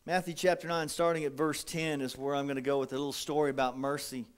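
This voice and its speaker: A man preaching a folksy, animated sermon as pastor, acting out little quotes. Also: on the high side, fast talker, clear, resonant tone.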